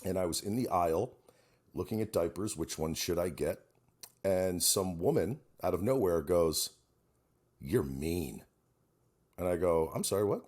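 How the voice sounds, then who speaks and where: A man's voice: sits low, normal speed. A middle-aged man co-hosting a podcast, telling stories in a loose, swearing, casual chat. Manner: animated storyteller, swears freely. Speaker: podcast co-host.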